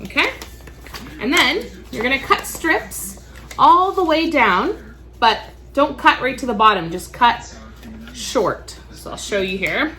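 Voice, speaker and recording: A woman leads a casual craft tutorial, explaining each step in a relaxed, chatty way. Her voice is high and bright. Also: slow. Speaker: crafts instructor.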